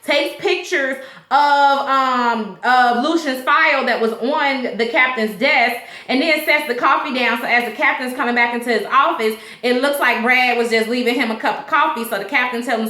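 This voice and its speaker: A woman casually recapping a TV episode, slangy and animated, laughing and acting out the characters' lines. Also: a little high, moderate pace. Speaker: TV episode reviewer. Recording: echoey room.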